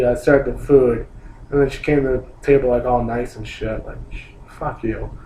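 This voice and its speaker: A young man telling an annoyed, rambling story about a trip, swearing and saying "like" a lot. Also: mid-range voice. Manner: annoyed, complaining, swears, rambling with many likes. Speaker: vlogger. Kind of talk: casual ranting story. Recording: roomy echo, faint hum.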